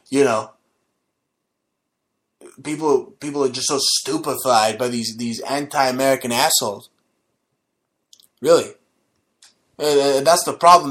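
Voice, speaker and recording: A man's voice: mid-range voice, a bit bright. Combative ranting male show host. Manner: combative, profane, mocking. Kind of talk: ranting monologue.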